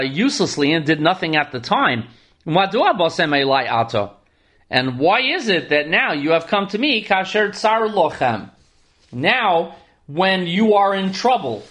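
High-voiced man teaching a Torah class. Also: a bit bright. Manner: reads verses aloud, then translates and explains. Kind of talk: text study lecture.

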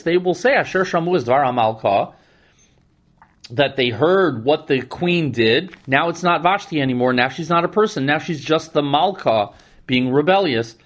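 A man giving a lecture on scripture, reading and chanting Hebrew verses in between, with a lively and wry way of talking. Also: on the high side. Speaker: Torah teacher.

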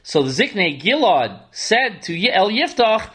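A man with a notably high-pitched voice leads a Torah study class. He reads a verse aloud, then translates and unpacks it in an explanatory teaching manner. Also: very animated, a little slow, hardly any pauses, fairly bright tone. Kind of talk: text study lecture.

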